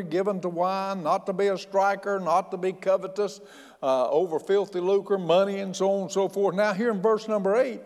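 Man, pastor, folksy emphatic sermon, high-pitched, lively swooping voice, long hall echo. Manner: folksy, emphatic preaching with frequent "hey" and restarts.

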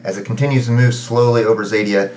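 A man running a tabletop game as game master, narrating in a halting way full of fillers and small restarts. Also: medium pitch, steady tone, darkish tone, echoey room, soft background music.

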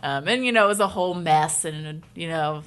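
Swearing, animated woman podcast co-host. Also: deep voice, a little fast, clear, resonant tone. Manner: animated storytelling with swearing and laughter. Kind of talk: casual chat.

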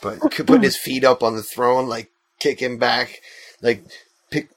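A man's voice: mid-range voice, normal speed. A man co-hosting a casual fan podcast, joking wryly as he trades theories. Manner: joking, wry. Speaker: podcast co-host.

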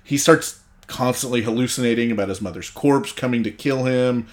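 A man co-hosting a podcast, telling a film's story in a relaxed, casual way and swearing now and then. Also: mid-range voice, fairly quick. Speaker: podcast co-host. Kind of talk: casual podcast chat, recapping a film.

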